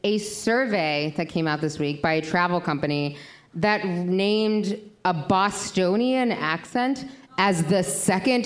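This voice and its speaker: A woman in her thirties co-hosts a podcast in casual banter, wry and exasperated. Her pitch swings widely as she talks, and she laughs through her lines. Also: slight background noise. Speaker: podcast co-host.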